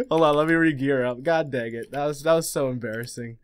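A young man hosting a casual gaming let's play, talking fast and getting excitable, laughing at his own mishaps. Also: a little high, smooth.

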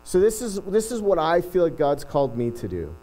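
Chatty male pastor, fairly high voice. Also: wildly swooping pitch, brisk, warm tone, low-quality recording. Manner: chatty, self-deprecating, frequent restarts. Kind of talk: sermon. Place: church.

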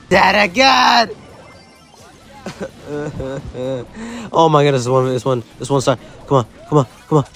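Excitable self-mocking gamer guy, hoarse. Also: mid-range voice, extremely slow, pauses often, faint music behind. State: voice going hoarse. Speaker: gaming YouTuber. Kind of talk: live gameplay commentary.

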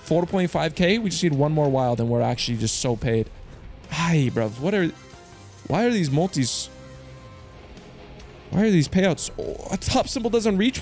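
A man hosting his own channel, commenting excitedly to viewers with slang, swearing and loud outbursts. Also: on the high side, moderate pace, long pauses, soft background music. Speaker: slots streamer host.

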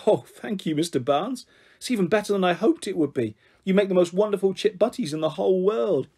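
A man voicing a polite, earnest young schoolgirl in a storybook reading, with a softly raised voice. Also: high-pitched, animated, a little fast, slightly rough, voice pushed up, exaggerated voice. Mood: grateful.

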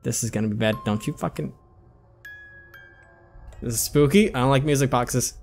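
A man's voice: medium pitch, moderate pace, creaky, pauses often, a little mellow, faint music behind. A man giving jumpy horror game commentary, talking to himself and swearing when startled. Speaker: let's play commentator.

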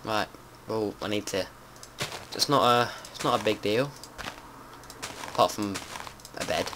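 A man giving casual let's-play commentary, chatty and prone to swearing and panicked yelling. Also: on the low side, a little slow. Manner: chatty, swears a lot, panics and yells when startled. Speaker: gameplay commentator. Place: home room with window open. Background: faint outdoor noise and keyboard typing.

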